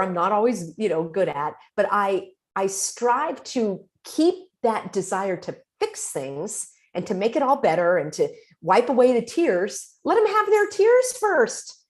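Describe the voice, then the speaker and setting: Woman, host, self-help talk, animated pitch, coaching tone, acts out examples. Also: measured pace. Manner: expressive, acts out example dialogue; conversational, coaching the listener.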